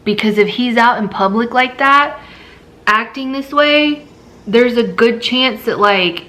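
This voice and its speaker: Weary mother venting, gravelly voice. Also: fairly high pitch, fairly bright tone. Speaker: mother vlogger. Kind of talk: candid personal vlog.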